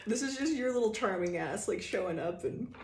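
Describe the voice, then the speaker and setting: A woman's voice: fairly high pitch, darkish tone, a little hiss or hum. Chatty woman reading tarot in a roomy space. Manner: rambling, chatty, laughs often, restarts a lot. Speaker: tarot reader. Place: room indoors by a window.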